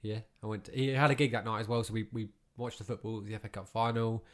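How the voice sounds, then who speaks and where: A man's voice: on the low side, fairly even intonation, quick pace, fairly bright tone. A man from England co-hosting a podcast, chatting casually and acting out people he quotes. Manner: chatty storyteller, acts out quotes. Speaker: podcast co-host. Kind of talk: casual chat.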